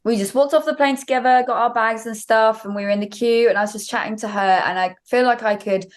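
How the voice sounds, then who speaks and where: A woman's voice: on the high side, steady tone, quick pace. Chatty rambling young woman. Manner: rambling storyteller, many fillers and likes. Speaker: guest singer. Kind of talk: casual interview chat.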